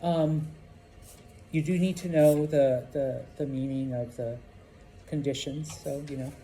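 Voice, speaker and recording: A man's voice: mid-range voice, steady tone, unhurried, dark tone, slight background noise. A male Spanish teacher giving a classroom lesson, explaining patiently and checking in with "okay?" and "all right?".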